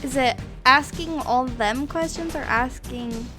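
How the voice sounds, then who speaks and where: Soft-spoken giggly woman gamer. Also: high-pitched, unhurried, over music. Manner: soft, giggly, rambling asides. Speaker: game streamer. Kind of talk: let's play commentary.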